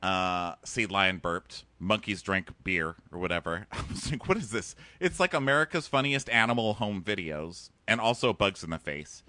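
Animated man, bright dry voice. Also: deep voice, moderate pace, hardly any pauses, dry recording. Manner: animated, acts out quotes in exaggerated voices. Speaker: podcast co-host. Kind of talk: casual chat recapping a TV show.

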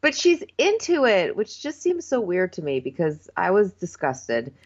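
A woman in casual podcast chat with a blunt, deadpan delivery. Her pitch sits mid-range, and the recording is dull and lo-fi, lacking top end. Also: measured pace. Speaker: podcast co-host. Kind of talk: casual chat recapping a show. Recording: dull lo-fi sound.

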